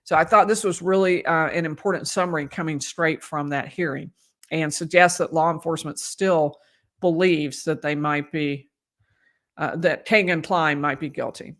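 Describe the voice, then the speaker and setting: A woman's voice: low voice, fairly even intonation, normal speed. A woman lawyer giving conversational live commentary on a court case, losing her voice and often restarting her sentences. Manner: conversational, restarts and emphatic asides.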